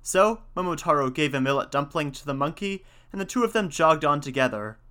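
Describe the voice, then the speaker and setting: A man's voice: on the high side, expressive, a little fast, sharp tone, smooth. A man narrating an old folk tale in a folksy, old-fashioned storybook manner.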